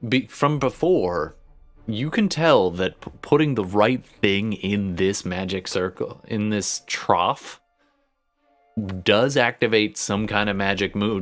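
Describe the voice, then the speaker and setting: A man narrating as game master of a tabletop game, describing scenes in a halting way with many fillers. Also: lowish voice.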